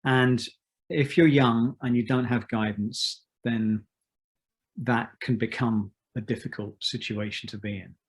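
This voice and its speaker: A man in his fifties, a musician being interviewed, who talks in a thoughtful, measured way with many restarts. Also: mid-range voice, fairly even intonation. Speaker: musician guest. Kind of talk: reflective interview talk.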